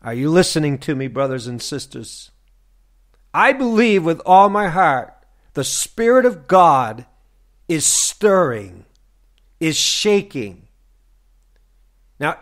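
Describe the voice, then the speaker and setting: A man delivers a fervent broadcast sermon, his voice high and swinging widely in pitch. He preaches at an unhurried, deliberate pace, firing repeated questions at his listeners. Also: sing-song, a bit bright.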